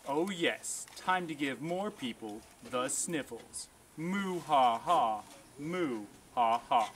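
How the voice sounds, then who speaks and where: A man voicing a scheming, gleeful glove villain in a homemade puppet skit, drawing out slow, gloating lines. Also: mid-range voice, expressive, a bit bright, slight background noise.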